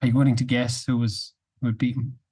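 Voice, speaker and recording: A man co-hosting a casual podcast chat, setting quiz questions in a measured, wry way. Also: medium pitch, level tone, dark tone, husky. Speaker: podcast co-host.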